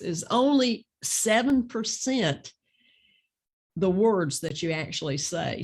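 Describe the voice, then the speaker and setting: Older lady teaching a webinar, earnest coaching, acts out lines soft. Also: on the low side, slightly rough. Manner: earnest coaching, talks straight to listeners, acts out sample lines softly. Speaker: real estate trainer.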